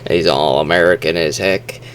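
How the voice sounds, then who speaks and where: A man's voice: low voice, moderate pace, slight background noise. A man reviewing a movie in a rambling, chatty way, full of fillers and restarts, now and then acting out lines in put-on voices. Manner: acts out quotes in animated voices. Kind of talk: casual spoken movie review.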